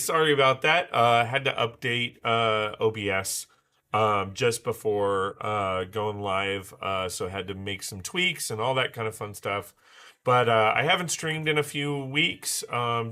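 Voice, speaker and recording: A man hosting a casual livestream, chatty and loose with many fillers, his voice slightly raspy from being sick. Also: mid-range voice, unhurried, bright, forceful tone. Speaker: livestream host.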